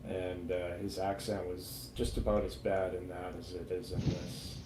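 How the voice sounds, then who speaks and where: A man's voice: deep voice, monotone, measured pace, reverberant, background noise. A man co-hosting a casual film chat, rambling and hunting for movie titles with lots of fillers. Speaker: co-host of a film review show. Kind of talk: casual chat over drinks.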